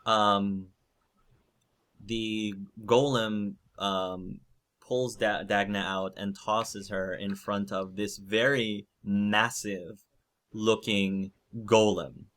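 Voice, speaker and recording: A man's voice: on the low side, fairly even intonation, extremely slow, a bit bright. A man narrating a tabletop role-playing game as game master, hesitant and full of ums.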